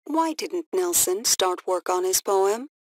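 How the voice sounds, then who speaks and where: A woman reading a children's story aloud and asking comprehension questions, in a clear storytelling manner. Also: medium pitch, expressive, slow, dry recording. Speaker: reading teacher.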